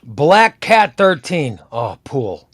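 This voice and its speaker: A man's voice: on the high side, very animated. A man hosting a casual comics chat, reading out titles and deciding which to buy. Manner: reads titles aloud and decides quickly. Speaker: comic show host.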